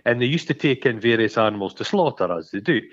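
A man's voice: mid-range voice, expressive, quick pace. A man co-hosting a podcast, chatting casually about a film, swearing freely and acting out quoted lines. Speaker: podcast co-host. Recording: dull lo-fi sound.

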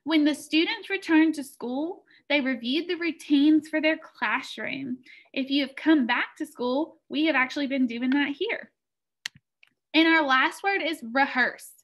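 A woman teaching a phonics lesson to young children, encouraging and clear as she sounds out words slowly. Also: high voice, a bit bright. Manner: encouraging, clear, slow word-by-word.

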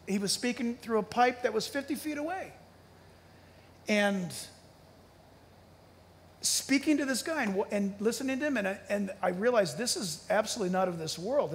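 Male pastor, high voice, emphatic preaching in a reverberant church hall. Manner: animated, emphatic preaching with sudden loud peaks and hushed storytelling. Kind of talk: sermon.

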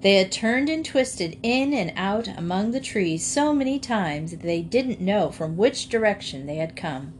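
A woman reads a children's storybook aloud with clear expression. Her pitch is ordinary and mid-range. A faint noise sits behind her voice. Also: lively intonation, unhurried, few pauses. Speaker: audiobook reader. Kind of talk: storybook reading.

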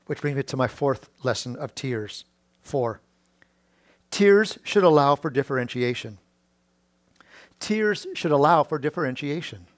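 A middle-aged male pastor giving a sermon, often restarting his words and rising loud and high on key points. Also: expressive, unhurried, long pauses, no room sound, clean studio sound. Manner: preaching with many restarts and repeated words; rises to a loud high pitch when stressing points.

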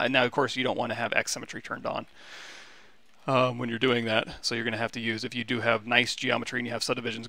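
A man giving a relaxed, rambling livestream tutorial on software, with many fillers and restarts. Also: medium pitch, creaky. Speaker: 3D sculpting instructor.

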